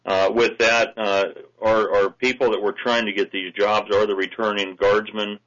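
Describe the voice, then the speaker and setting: Politician guy calling into radio, lowish bright voice, uhs everywhere, muffled lo-fi. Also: level tone, moderate pace. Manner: earnest, hesitant with fillers. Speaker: state representative, guest. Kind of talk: phone-in radio interview.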